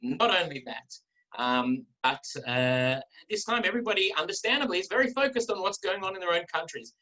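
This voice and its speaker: A middle-aged man with an Australian accent, giving a relaxed talk as a guest speaker over a video call, often repeating words. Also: sits high, fairly quick, poor audio. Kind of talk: informal talk with anecdotes.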